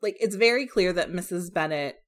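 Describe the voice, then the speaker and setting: A woman's voice: on the low side, expressive, a little fast. A woman co-hosting a casual book chat, swearing lightly, filling with "like" and laughing a lot. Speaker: podcast co-host.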